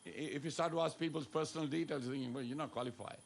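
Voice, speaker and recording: A man's voice: on the high side, rapid-fire, gravelly. A man preaching a devotional sermon to a temple congregation, playful and coaxing, dropping Hindi phrases into his talk. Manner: playful, coaxing the audience to respond and dance. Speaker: temple speaker.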